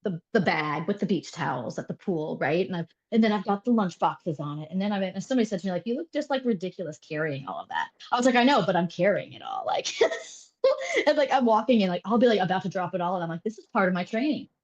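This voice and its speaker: A woman in her thirties chats as an interview guest, lively and quick to laugh, her stories full of fillers. Her pitch sits in a middle range. The recording is a bit muffled and lo-fi. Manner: animated, laughing storyteller with many fillers. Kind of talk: casual chat.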